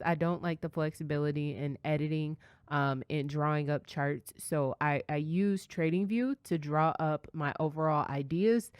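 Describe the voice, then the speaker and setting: A woman, a trading educator, walking viewers through an app in a relaxed, chatty tutorial with light laughs. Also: low voice, smooth, no room sound, clean studio sound. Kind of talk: casual screen-share tutorial.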